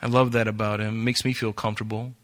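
A man preaching a sermon as pastor, animated and acting out quoted voices. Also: lowish voice, fast.

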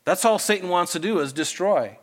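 A man preaching a sermon to a congregation in church, earnest and pleading, swinging between loud urging and soft asides. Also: high voice, lively intonation, brisk. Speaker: pastor.

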